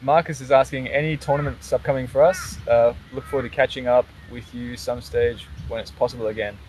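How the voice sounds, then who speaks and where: Man hosting a relaxed live-stream chat, voice set in the middle range, explains things step by step and jokes around. Steady background noise can be heard under his talk. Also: mid-range voice, brisk, poor audio. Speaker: archery coach and host.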